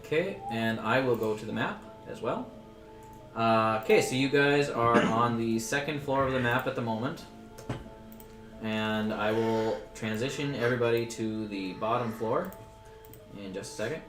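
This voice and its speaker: A man running a tabletop game session as game master, stopping now and then to fix his software. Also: medium pitch, a little slow. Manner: stops to fix the software and asks players to wait. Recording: echoey room, faint music behind.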